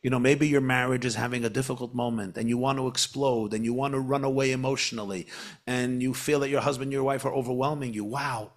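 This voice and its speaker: A man speaking as a spiritual teacher on a podcast, teaching with animated emphasis and repeating phrases. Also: medium pitch, fast talker. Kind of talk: podcast conversation.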